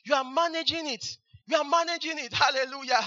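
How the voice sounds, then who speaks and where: A high, very bright male preacher, exclaiming hallelujah over and over between verses. His voice is sharp and piercing, and the recording is dull and lo-fi. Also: fairly even intonation, fast. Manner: exclamatory, repeats hallelujah, fervent. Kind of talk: sermon.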